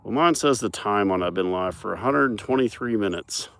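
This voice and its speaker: A man's voice: on the low side, lively intonation, a little fast, vocal fry, a bit bright, no room sound. A man chatting casually on a live stream while out among cattle in a pasture, joking and talking to the animals. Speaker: livestreamer on a farm.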